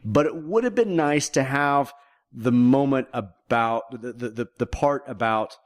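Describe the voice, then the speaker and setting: A man co-hosting a podcast, chatting casually about a movie in an animated way and often repeating words as he starts a thought. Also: mid-range voice, unhurried. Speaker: podcast co-host.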